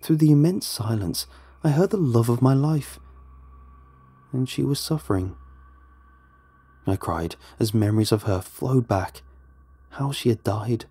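A man narrating a first-person horror story in a hushed, dramatic way. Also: mid-range voice, measured pace, long pauses, slightly rough.

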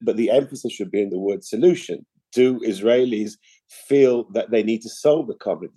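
A middle-aged man answering interview questions in a measured, explanatory way, often restarting his sentences. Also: lowish voice, mellow, slightly rough, no room sound. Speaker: interview guest, political analyst.

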